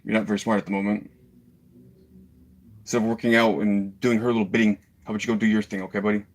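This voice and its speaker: Agitated man with a low voice, swearing. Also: little pitch movement, fast. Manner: agitated, swearing, apologizing to viewers. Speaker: livestreamer teaching a paid online class. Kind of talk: live-stream talk to viewers.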